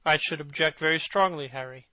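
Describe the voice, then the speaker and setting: A man's voice: a little high, brisk, pushed and bright, no room sound, poor audio. A man doing an earnest grave painter. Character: earnest, devoted male painter.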